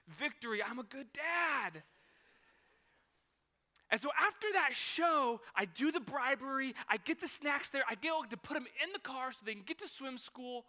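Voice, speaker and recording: A man in his thirties preaching a sermon, telling a personal story and acting out its scenes. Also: extremely high pitch. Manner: animated storytelling, acts out scenes. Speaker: pastor.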